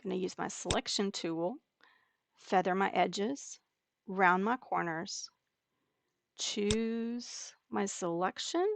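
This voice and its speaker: A woman teaching a digital scrapbooking layout step by step, talking slowly and patiently with occasional fillers. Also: medium pitch, creaky, slight background noise. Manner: slow, step-by-step explaining with fillers. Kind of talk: screen-recorded software tutorial.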